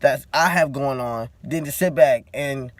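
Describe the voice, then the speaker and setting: A man's voice: medium pitch, a little slow, no echo. A man in a tired, casual vlog rant, talking bluntly and cursing freely as he vents. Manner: blunt, profane, venting. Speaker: vlogger.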